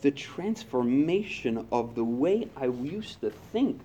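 A man of middle pitch talks to a recovery group with lively energy. He switches into his own inner voice as he speaks. A faint hiss sits under the recording. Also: slow pace.

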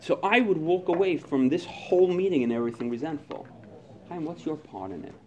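A man speaking to a recovery group, animated, acting out his own inner voice and past phone calls. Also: on the high side, brisk, muffled recording.

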